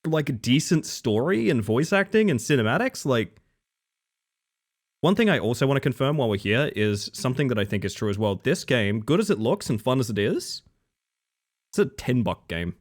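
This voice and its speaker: Here a man chats with viewers while streaming a horror game live, swearing liberally and reacting with lots of energy. His voice sits at medium pitch and moves fairly quickly.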